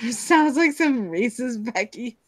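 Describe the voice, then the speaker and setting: A woman's voice: a little high, expressive, slow pace, dry recording. A woman hosting a casual live stream chat, rambling and giggly as she jumps between topics, heard over a video call.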